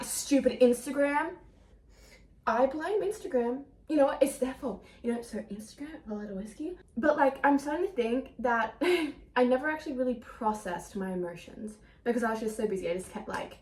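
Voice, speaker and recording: A young woman talking in a casual confessional vlog, rambling and emotional, mocking herself and breaking into laughs, standing a little away from the camera. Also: on the high side. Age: young adult. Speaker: vlogger. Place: indoor room. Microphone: camera some distance away. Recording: echoey room, camera away.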